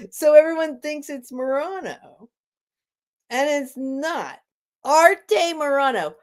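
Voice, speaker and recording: A woman hosting a live online sale at home, chatting casually and rambling with soft laughs. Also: sits high, takes it slowly. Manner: rambling and warm-hearted, with frequent soft laughs. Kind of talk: casual live-stream chat.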